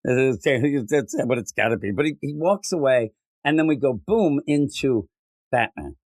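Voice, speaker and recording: A man's voice: expressive, unhurried, no echo. Jokey rambling male podcast co-host. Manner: jokey, rambling, acts out characters in a higher voice. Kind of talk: casual comic book review chat.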